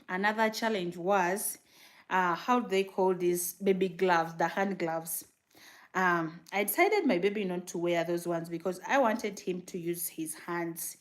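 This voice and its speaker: A new mom chats casually with her viewers, answering their comments and telling stories in a lively way, acting out what she once said. Her voice sits on the low side, and she uses fillers and laughs often.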